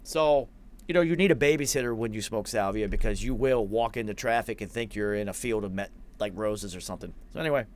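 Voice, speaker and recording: Here a forties-aged podcast host with a lowish voice talks fast through a sprawling, expletive-laden story. It's lively and casual, full of quoted asides where he voices what he said.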